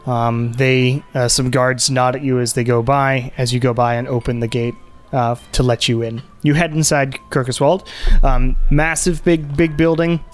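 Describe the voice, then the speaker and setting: A man's voice: mid-range voice, level tone, moderate pace, soft background music. A man narrating a tabletop game as game master, rambling with many fillers and restarts.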